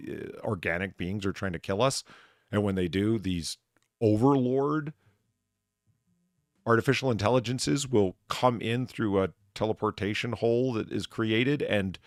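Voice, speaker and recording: A man's voice: fairly low pitch, dry recording, studio quality. A man in casual chat, ranting and swearing as he rambles through restarts. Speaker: podcast co-host.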